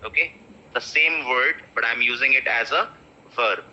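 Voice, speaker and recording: A man's voice: mid-range voice, normal speed, sharp tone. A man teaching pronunciation in an online class. He repeats each word again and again and slips into Hindi phrases. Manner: repeats words over and over, mixing in Hindi phrases. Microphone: video call. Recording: dull lo-fi video call audio.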